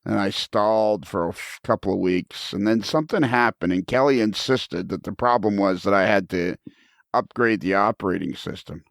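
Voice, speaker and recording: A man's voice: fairly low pitch, normal speed, gravelly, no echo. A man hosting a podcast, telling a rambling, self-deprecating story in casual chat from a studio. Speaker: podcast host. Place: recording studio.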